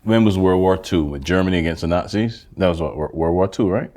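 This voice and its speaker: Low-voiced man rambling through stories. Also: brisk, darkish tone. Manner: rambling storytelling, constant "yeah yeah" backchannels. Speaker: podcast co-host. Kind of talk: casual chat.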